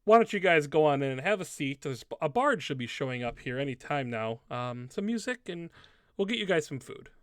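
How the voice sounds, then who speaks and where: A man's voice: on the high side, very animated, brisk, no room sound, clean studio sound. A man voicing a friendly, slightly awkward middle-aged male innkeeper in a tabletop game. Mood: kindly. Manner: warm, welcoming, a bit awkward.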